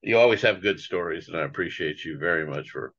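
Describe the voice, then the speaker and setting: A deep-voiced man hosts the chat in a calm, affirming way, nodding along with short replies. His tone is bright and forceful despite the low pitch. The audio is a little dull and muffled, like a video call. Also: fast talker. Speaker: host. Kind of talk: casual interview hosting.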